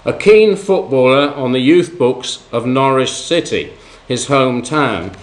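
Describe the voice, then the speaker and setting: A man preaching a sermon, telling life stories, rising for emphasis and dropping low at the end of each point. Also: lively intonation, measured pace.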